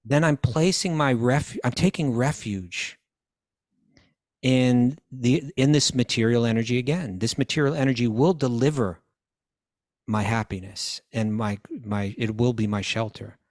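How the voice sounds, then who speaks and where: A man's voice: medium pitch, unhurried, darkish tone, no room sound, clean studio sound. A man teaching scripture in a question-and-answer talk, quoting Sanskrit verses, translating them and often restarting his phrases.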